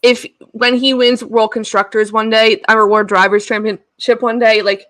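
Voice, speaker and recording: A woman's voice: a little high, flat delivery, moderate pace, a bit bright, dry recording. Gushing young woman co-hosting, dry sound. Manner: gushing, laughs often, quotes people in voices. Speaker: podcast co-host. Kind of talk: casual chat.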